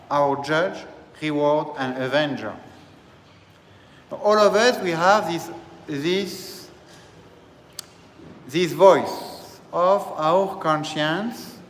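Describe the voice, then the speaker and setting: A man who serves as a priest, delivering a slow, deliberate teaching sermon and repeating phrases as he explains. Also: on the high side, a little hiss or hum. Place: church. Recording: echoey church hall, faint ambience.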